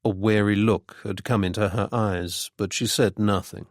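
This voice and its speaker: A man narrating a mystery novel in measured, even storytelling. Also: on the low side, dry recording, studio quality. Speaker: audiobook narrator. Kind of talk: scripted narration.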